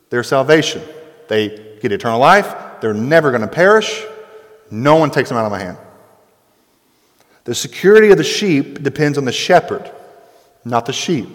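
A man in his thirties preaching a sermon as pastor, stretching key words out slowly and building to forceful, rising emphasis. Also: mid-range voice. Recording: long hall reverb.

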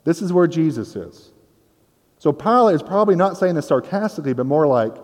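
A man's voice: fairly high pitch, animated, brisk, a little mellow. Man preaching with long hall reverb. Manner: casual, explanatory, with playful asides. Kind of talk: conversational sermon.

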